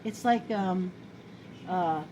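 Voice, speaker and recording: A middle-aged woman from New York, her voice fairly low and her words drawn out, cooks at home while chatting to the camera. She rambles and often makes fun of herself, and background noise is clearly heard in this home video.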